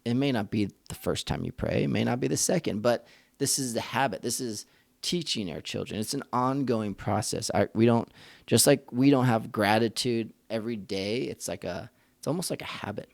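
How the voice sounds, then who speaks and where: A man's voice: medium pitch, moderate pace, gravelly, no echo. A man hosting a faith-based parenting podcast, talking earnestly in a conversational, thinking-aloud way. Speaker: podcast host and father.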